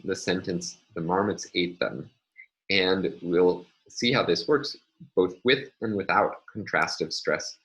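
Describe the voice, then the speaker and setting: Deep-voiced man giving a lecture. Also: a bit bright, rough recording. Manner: measured, explanatory, with frequent filler words. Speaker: linguistics lecturer. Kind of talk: recorded lecture.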